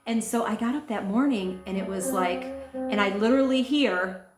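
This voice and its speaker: A woman's voice: mid-range voice, normal speed. Woman podcast co-host, open and emotional storyteller, roomy sound, music bed. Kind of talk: casual spiritual chat. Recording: echoey room, music behind.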